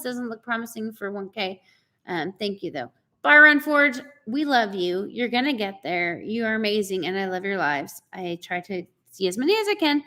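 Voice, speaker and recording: A woman's voice: on the high side, bright, forceful tone. A woman, chatting casually on a live stream, greeting viewers by name and laughing often. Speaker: co-host of a live chat stream.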